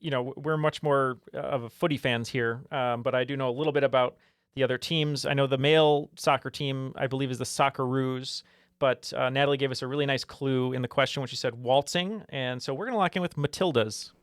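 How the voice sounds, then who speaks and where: Smooth-voiced male podcast host. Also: mid-range voice, steady tone, a little fast, dry recording, clean studio sound. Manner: friendly, filler-heavy. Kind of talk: casual podcast chat.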